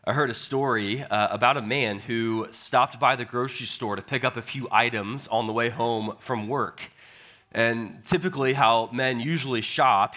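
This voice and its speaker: A man's voice: mid-range voice, pushed and bright. A man preaching a sermon as pastor, telling a story in a conversational way and often repeating words. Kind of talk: sermon with opening prayer.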